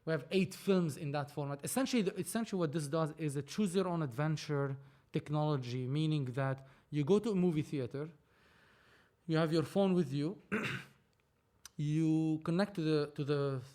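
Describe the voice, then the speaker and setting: A man, a film producer and podcast guest, telling a story in animated casual talk, acting out dialogue and swearing freely. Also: a little high, normal speed. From Lebanon.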